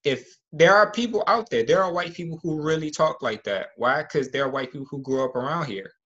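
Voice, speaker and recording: A man co-hosting a podcast, chatting casually with relaxed, slangy opinions. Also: fairly high pitch, a little fast, dull audio. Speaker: podcast co-host. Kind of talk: casual chat.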